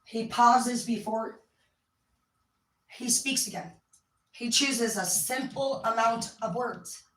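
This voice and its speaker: A woman talks frankly and swears freely, giving advice and acting out quoted lines. Her voice is bright and a little high. She sits back from the mic in an echoey room. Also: takes it slowly, distant mic. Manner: candid and profane, acts out quoted voices. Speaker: speaker giving life advice. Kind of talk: casual monologue.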